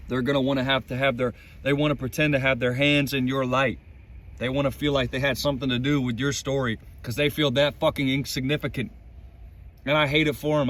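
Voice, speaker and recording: A man's voice: medium pitch, fairly bright tone. A man vlogging from inside his van in the mountains, giving casual motivational faith talk in an intense, emphatic way and swearing freely.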